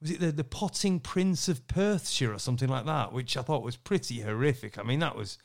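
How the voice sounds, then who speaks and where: A man co-hosting a podcast, telling animated anecdotes, laughing often and acting out what others said. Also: medium pitch, brisk. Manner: animated storyteller, laughs often, acts out quotes. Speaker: podcast co-host, snooker MC.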